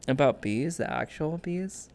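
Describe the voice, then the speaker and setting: Young female streamer host, low and animated, loose rambling chat. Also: unhurried, creaky. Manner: rambling, frequent restarts, reads chat aloud. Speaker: streamer hosting an interview. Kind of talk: casual chat.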